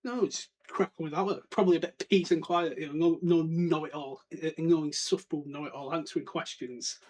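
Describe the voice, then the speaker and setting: A man's voice: a little high, steady tone, a little fast, a little mellow. A man hosting a podcast, chatting casually through a book chapter, laughing often and slipping into silly character voices. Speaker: podcast host. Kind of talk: casual book breakdown chat.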